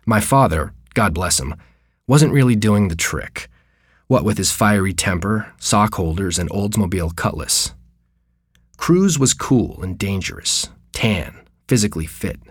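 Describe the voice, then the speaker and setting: A man reading a personal memoir story aloud, with wry, deadpan humor. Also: deep voice, unhurried, husky, no echo, studio quality.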